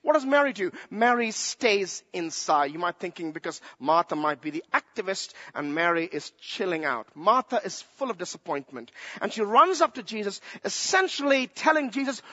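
Slow, bright-voiced man preaching a sermon. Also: high voice, animated. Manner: slow, emphatic, asks rhetorical questions. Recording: dull lo-fi sound in a reverberant hall.

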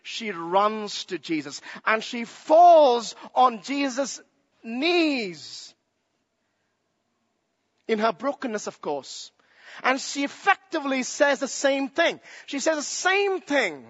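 A man preaching a sermon, speaking slowly and emphatically and asking rhetorical questions. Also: extremely high pitch, very animated, a bit bright. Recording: dull lo-fi sound in a reverberant hall.

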